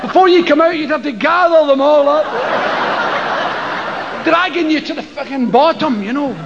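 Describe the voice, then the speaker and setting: Recorded lo-fi at a live show amid crowd noise, this older Scottish man does stand-up in front of an audience, acting out voices and screams in a profane story. He speaks at normal speed in a very high, creaky voice.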